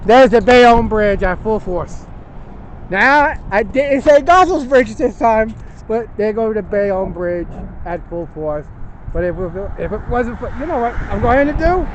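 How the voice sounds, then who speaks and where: A man's voice: sits high, animated, measured pace, low-quality recording. An older man narrating a walking tour outdoors, chatting as he points out sights to viewers. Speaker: vlog host. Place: outdoors on a windy bridge by traffic. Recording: outdoor wind and traffic noise.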